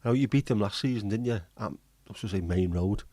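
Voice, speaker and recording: Chatty man, low and mellow. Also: fast talker, dry recording. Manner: chatty, joking, swears casually. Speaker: livestream host. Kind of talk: casual chat reading viewer comments.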